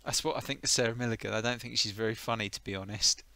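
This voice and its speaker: Casual male streamer commentating retro games, bright forceful tone, dry sardonic asides. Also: medium pitch, fast, creaky, no echo. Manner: chatty, sardonic, muttering asides.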